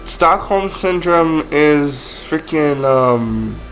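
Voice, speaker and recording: Young male gaming creator, casual, joking commentary, slightly high voice. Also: lively intonation, drawn-out words, fairly bright tone, faint music behind, rough recording. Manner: joking, self-deprecating asides with laughter.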